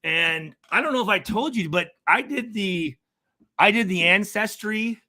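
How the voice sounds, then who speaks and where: A man's voice: high-pitched, measured pace, sharp tone. A man hosting a casual chat, often restarting and repeating words as he talks. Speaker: show host.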